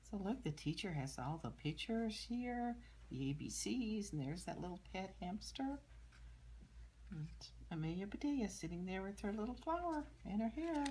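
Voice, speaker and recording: An older woman, a grandmother, reading a picture book aloud to children and gently explaining the pictures, with soft murmured asides. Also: mid-range voice, lively intonation, normal speed, a little hiss or hum. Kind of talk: storybook read-aloud with commentary.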